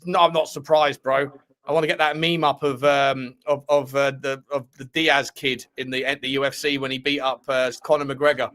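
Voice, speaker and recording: A man's voice: medium pitch, flat delivery, moderate pace. A man co-hosting a casual football livestream, bantering and thanking viewers for super chats. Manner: chatty, banter, shout-outs to viewers. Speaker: co-host.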